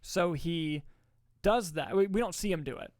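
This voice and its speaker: A man co-hosting a podcast, reviewing a movie in casual chat, excited and swearing often as he retells scenes. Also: on the high side, moderate pace, dry recording, clean studio sound.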